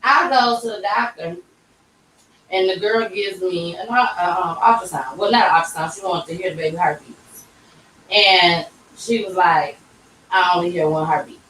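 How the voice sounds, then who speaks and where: A woman's voice: fairly low pitch, moderate pace, slight background noise. Young woman w/ aave telling her story, all worked up, voice bouncing in a roomy space, a bit far off the mic. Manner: emotional, animated retelling with quoted voices. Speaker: podcast host. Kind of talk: personal storytelling. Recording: roomy echo, distant mic.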